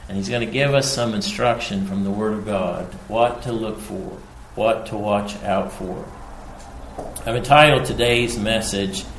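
A man preaching a sermon, slow and emphatic, repeating his key phrases. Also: lowish voice, a bit bright, slight background noise. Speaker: pastor. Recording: echoey room with faint ambience.

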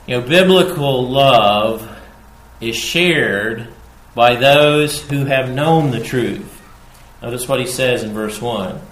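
A man preaching a sermon, slow and emphatic, repeating his key phrases. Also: medium pitch, a bit bright. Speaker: pastor. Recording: echoey room with faint ambience.

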